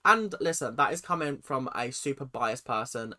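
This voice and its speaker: Reaction host, animated, sharp-edged voice, opinionated commentary. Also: medium pitch, moderate pace. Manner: animated and opinionated, sometimes sarcastic.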